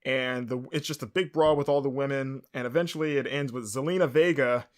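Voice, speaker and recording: A man's voice: medium pitch, fairly even intonation, fairly quick. Rambling man recapping a show. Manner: rambling, many fillers and self-corrections. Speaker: podcast host. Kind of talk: casual solo show recap.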